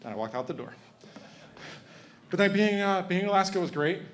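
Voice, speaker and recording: A man's voice: high voice, animated, a little fast, a little hiss or hum. A man in his thirties from Connecticut giving a heartfelt, emotional acceptance speech, joking with the audience. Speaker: hall of fame inductee.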